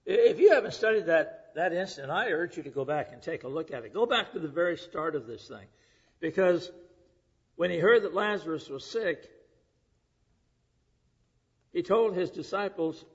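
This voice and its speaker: A middle-aged male preacher delivering a sermon, rising to loud emphasis and dropping to hushed, whispered lines. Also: a little high, lively intonation, normal speed, long pauses, slightly rough. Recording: dull lo-fi recording.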